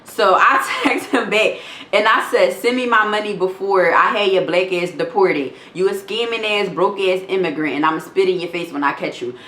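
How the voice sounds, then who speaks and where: A woman's voice: medium pitch, moderate pace, sharp tone. A young woman telling a storytime vlog, reading text messages aloud in a blunt, profane, indignant way. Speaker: vlogger. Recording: roomy echo.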